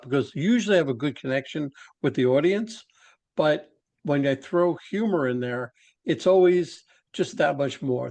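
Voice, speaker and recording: A male podcast host with a fairly high voice, talking casually. He explains his points in quick, chatty bursts.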